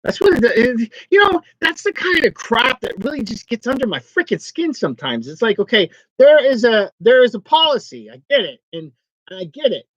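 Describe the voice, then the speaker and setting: A man's voice: very high-pitched, sing-song, a bit bright, no echo. A man in a casual, rambling vlog who jokes, complains, and laughs easily. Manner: rambling, joking, quick to laugh. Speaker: online reseller vlogger. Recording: dull, lo-fi, dry sound.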